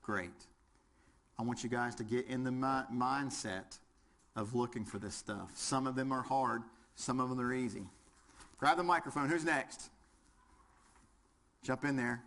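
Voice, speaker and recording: A man's voice: mid-range voice, a little slow, pauses often, fairly bright tone. Joking folksy fire instructor, Southern man. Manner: joking, folksy, quizzes the audience. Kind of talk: lecture with audience participation.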